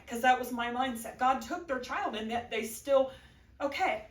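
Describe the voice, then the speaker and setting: A woman's voice: high-pitched, moderate pace. A middle-aged woman giving an emotional personal testimony in church, earnest and at times tearful, laughing between phrases. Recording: echoey room, voice from a distance.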